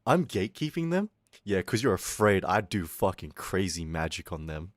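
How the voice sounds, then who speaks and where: A male streamer chatting casually with his viewers, swinging from loud outbursts to low mutters and swearing freely. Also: big pitch swings, moderate pace, no room sound, clean studio sound. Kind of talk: casual livestream chat with viewers.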